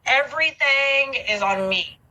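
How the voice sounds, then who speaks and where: A woman's voice: high-pitched, animated, unhurried, bright, forceful tone, low-quality recording. A woman in her thirties, a podcast guest, talking candidly and with animation, full of fillers. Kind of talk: casual conversation.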